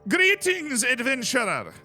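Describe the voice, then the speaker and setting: Figure: grand formal envoy voiced by a man. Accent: put-on Scottish. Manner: pompous, ceremonial. Tone: very bright, pitched well up. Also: wildly swooping pitch, a little slow, faint music behind, heavily acted. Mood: solemn, grandiose. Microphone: headset.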